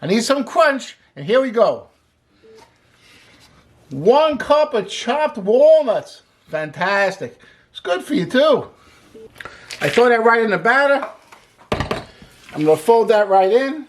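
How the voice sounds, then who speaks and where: A man's voice: sits high, very animated, measured pace, pauses often, slight background noise. A man hosting a casual cooking demonstration, chatty and upbeat as he explains each step while he works. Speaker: cooking show host. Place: home kitchen.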